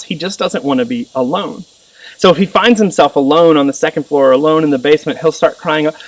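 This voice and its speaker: A man in his thirties preaching a sermon as pastor, animated and acting out the voices of others. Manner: animated, acts out voices with rising pitch. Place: church sermon recording. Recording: voice a little distant from the mic.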